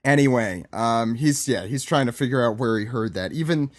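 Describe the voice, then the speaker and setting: Podcast co-host, middle-pitched man, playful and chatty, dry room. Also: animated, moderate pace, dry recording. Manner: playful, jokey, reads lines aloud. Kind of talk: casual manga recap chat.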